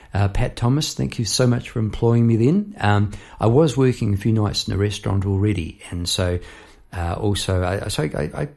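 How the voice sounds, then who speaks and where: A young man telling a story in a casual, animated way, acting out the people in it. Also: vocal fry. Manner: animated, chirps bird noises and acts out people in high voices.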